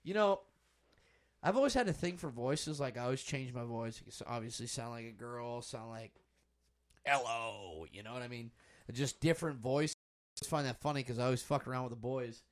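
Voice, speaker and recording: A man's voice: mid-range voice, moderate pace. Rambling, swearing male podcast host. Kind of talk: casual chat while watching basketball.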